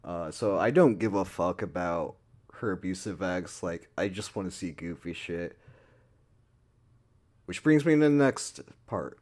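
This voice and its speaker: A man's voice: sits low, expressive, measured pace, a little mellow. A man giving a casual, rambling movie review, full of swearing and filler words.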